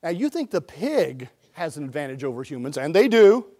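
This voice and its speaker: A man preaching a sermon in a folksy storytelling way, jumping between loud bursts and quiet asides. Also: a little high, sing-song, fairly quick.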